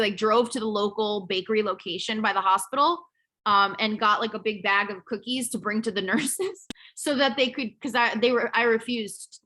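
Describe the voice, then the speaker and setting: A woman coaching her program members in a chatty, candid motivational talk, a little hoarse as she loses her voice. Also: mid-range voice, sharp tone. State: losing her voice.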